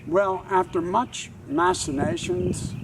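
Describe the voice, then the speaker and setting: An older man tells a wry anecdote slowly and with care. His gravelly voice swings widely in pitch. He was recorded outdoors from a distance, with faint background noise. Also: big pitch swings. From Charleston, South Carolina. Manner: wry, measured. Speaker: tour guide and author. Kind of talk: anecdotal storytelling to camera.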